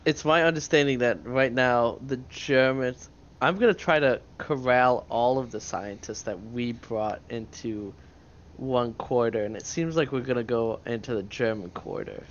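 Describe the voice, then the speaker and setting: A man's voice: medium pitch, unhurried, a little hiss or hum. A man playing a tabletop game over online voice chat, thinking aloud in loose phrasing. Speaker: player. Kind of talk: casual chat. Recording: dull lo-fi recording.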